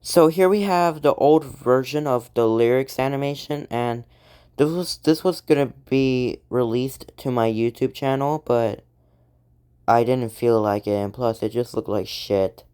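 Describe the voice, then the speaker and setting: A woman's voice: very deep voice, a little slow, mellow, clean tone. A woman creator casually talking through her own scrapped animation concepts, rambling and swearing with lots of ums. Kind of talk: casual commentary on own artwork. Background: synthesizer music.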